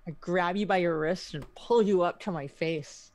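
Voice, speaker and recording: Player, woman, lowish voice, playful and teasing. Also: normal speed, hardly any pauses, a little mellow, dry recording. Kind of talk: casual tabletop play.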